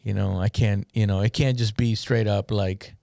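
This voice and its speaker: A man of ordinary pitch talks shop on a casual podcast, rambling and restarting his sentences as he thinks aloud. The mic is close and dry, with no room sound. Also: steady tone, normal speed, gravelly, warm tone, no echo. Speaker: podcast host and comedian running a show.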